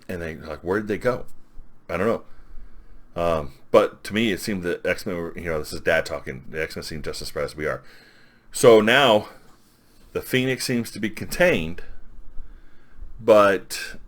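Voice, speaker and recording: Deep-voiced man rambling through a recap. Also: lively intonation, a little slow, pauses often, fairly bright tone. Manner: rambling, filler-heavy recap with quoted lines. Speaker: comic book reviewer. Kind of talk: casual retelling of a comic.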